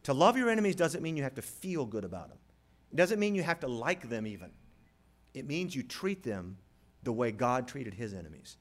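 A man preaching a sermon as pastor, moving from quiet storytelling to loud, rising appeals. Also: medium pitch, very animated, a little fast.

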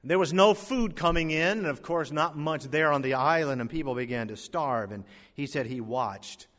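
A male pastor preaching an emphatic sermon, rising to loud peaks and dropping to hushed lows. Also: normal speed, in a large hall.

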